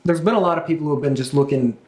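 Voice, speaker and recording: A laid-back co-host chats about the week's events in a plain, agreeable way. The voice sits in a middle pitch and rings off the walls of the room. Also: rapid-fire, a little mellow. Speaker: podcast co-host. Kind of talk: casual chat. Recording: echoey room.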